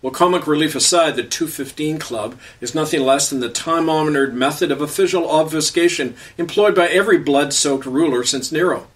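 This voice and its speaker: A man's voice: on the high side, a bit bright. A man hosting his own show, reading a commentary and story in a sarcastic, polemical way, recorded from a distance off the mic. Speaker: pastor and show host.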